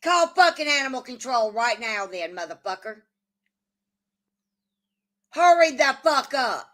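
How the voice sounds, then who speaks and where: A woman's voice: high voice, lively intonation, measured pace, fairly bright tone. A woman hosting a casual livestream, swearing often and arguing back at her chat. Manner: profane, combative, answers chat. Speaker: livestream host.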